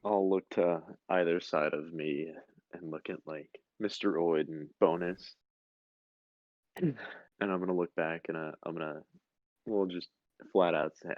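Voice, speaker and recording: A man's voice: sits low, steady tone, a little slow, long pauses, no echo. A man playing a tabletop game, speaking in a laid-back, dry way. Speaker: player. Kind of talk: tabletop role-play. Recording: dull dry mic.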